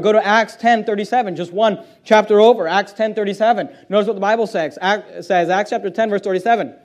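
High-voiced preaching pastor, man. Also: a little mellow. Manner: preaching with rising emphasis, reading scripture aloud. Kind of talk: sermon.

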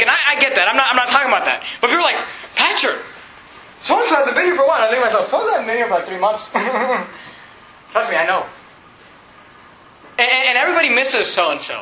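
A man's voice: high voice, echoey room, slight background noise, rough recording. A male pastor in his thirties preaching a sermon, acting out the characters of a Bible story. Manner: animated, acts out Bible characters' voices. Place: church.

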